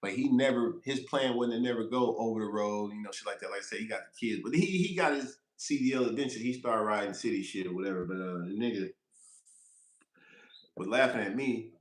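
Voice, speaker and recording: A man's voice: fairly low pitch, a little fast, reverberant. A man who drives trucks, telling a rambling, profane road story on a casual livestream, laughing as he goes.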